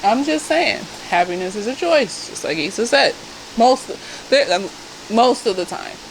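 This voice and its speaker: A woman therapist reviewing a TV episode in casual chat. She is animated and blunt, swears freely and keeps drifting into asides. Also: a little high, measured pace, background noise. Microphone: self-filmed camera.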